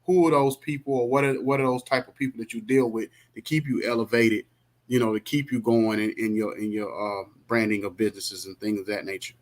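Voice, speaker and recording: A man's voice: lowish voice, fairly even intonation, fairly quick. A man hosting a podcast, talking in a rambling, conversational way. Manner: rambling, conversational, full of fillers and restarts. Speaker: podcast host. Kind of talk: casual interview chat.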